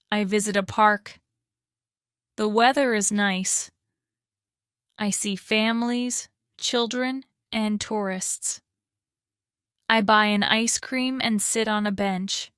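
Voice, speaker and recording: A woman hosting a podcast, reading a slow English lesson in short, careful sentences. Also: mid-range voice, fairly bright tone, smooth, no echo, studio quality. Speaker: podcast host and English teacher.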